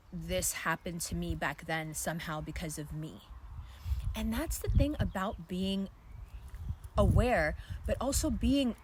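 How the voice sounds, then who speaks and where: A woman's voice: on the low side, background noise. Chatty woman giving an astrology reading. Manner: chatty and candid, swears casually, full of fillers. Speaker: astrology and card reader. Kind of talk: casual spoken astrology reading. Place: outdoors.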